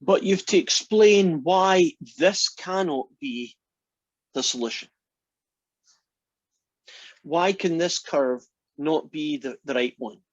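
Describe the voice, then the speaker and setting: A Scottish man lecturing a math class in a chatty, joking way, with ums and pauses. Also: on the high side, no echo, highs cut off. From Scotland. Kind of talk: university lecture.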